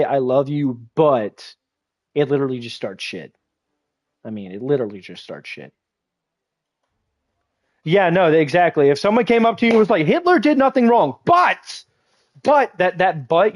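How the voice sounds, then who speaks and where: A man's voice: a little high, expressive, normal speed, pauses often, darkish tone, dry recording. Rambling young man on a dry mic. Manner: rambling storyteller, swears casually. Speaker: streamer. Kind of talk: casual livestream chat while gaming.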